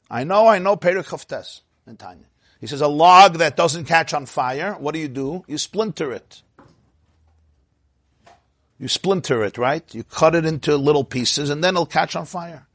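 A man teaching a Torah class in a lively, questioning way, dropping Hebrew and Yiddish terms as he goes. His voice sits a little high. The sound is dry and close, with no room echo.

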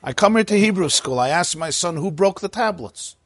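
A man voicing an indignant, blustering father in a spoken joke, in raised, high-pitched outrage. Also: sing-song, a little fast, a bit bright. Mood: furious.

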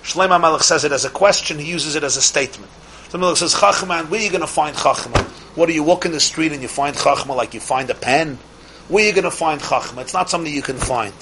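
A man giving a religious lecture as a teacher, emphatic and full of rhetorical questions, slowing some phrases and rushing his asides. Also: a little high, pushed and bright, slight background noise, rough recording. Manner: shifts between slow stretched phrases and quick asides.

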